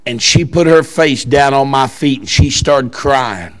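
An older man preaching a sermon, telling a story in a quiet voice that breaks into fervent shouting. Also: medium pitch, measured pace.

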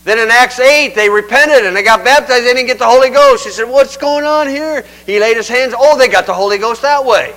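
A man's voice: extremely high pitch, brisk, hardly any pauses, bright, forceful tone, low-quality recording. An older man preaching a sermon in a folksy, conversational way, acting out scripture quotes.

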